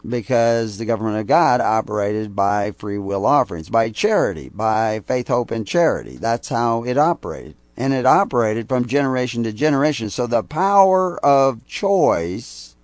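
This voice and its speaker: A man's voice: fairly low pitch, darkish tone, dry recording. An older man giving a rambling sermon-style teaching talk, hitting key words with sudden emphasis. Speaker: preacher.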